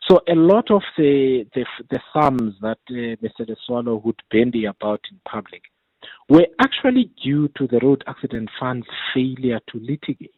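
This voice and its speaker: A man, a committee chair, answering interview questions in a measured way and often repeating words as he builds his points. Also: mid-range voice, no room sound. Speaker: parliamentary committee chair, guest. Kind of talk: radio interview over the phone. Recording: tinny phone line, husky and dry.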